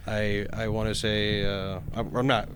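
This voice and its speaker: A man's voice: fairly low pitch, level tone, a little slow, a bit bright, a little hiss or hum. A man co-hosting a casual comedy podcast, rambling and laughing often, self-deprecating. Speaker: podcast co-host.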